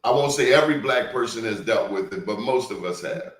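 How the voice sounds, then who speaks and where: Male interview host, emphatic and deliberate, recorded with noticeable room echo. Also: medium pitch. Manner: emphatic, deliberate, repeats words for stress. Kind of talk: hard-hitting interview. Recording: roomy echo.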